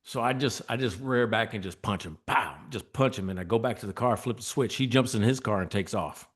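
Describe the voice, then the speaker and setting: Low-voiced male guest, animated storyteller who often laughs. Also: fairly quick. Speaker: guest, former state trooper. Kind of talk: storytelling in a podcast interview.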